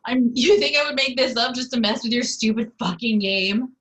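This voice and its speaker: A woman's voice: on the high side, moderate pace, a bit bright, natural voice. A woman reading the part of a scared young man chained up in a grim bathroom, sullen at first and then panicky and swearing, in an amateur table read. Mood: panicked.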